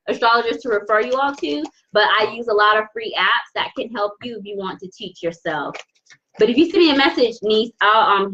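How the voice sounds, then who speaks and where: A woman's voice: on the high side, bright, forceful tone, lo-fi sound. A woman giving a live-streamed tarot reading, effusive and repeating phrases for emphasis. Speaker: tarot reader.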